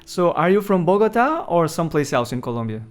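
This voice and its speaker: A man's voice: on the high side, sing-song, quick pace. A man hosting an interview who asks friendly questions with frequent fillers. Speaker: podcast interviewer.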